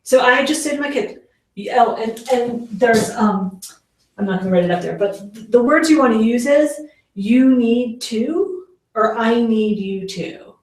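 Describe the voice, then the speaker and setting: Her voice fairly high and animated, a woman talks at normal speed to parents in a casual workshop, acting as a parenting educator. She's chatty, uses lots of fillers, and plays out the lines she quotes. The sound is very echoey, with the mic far away.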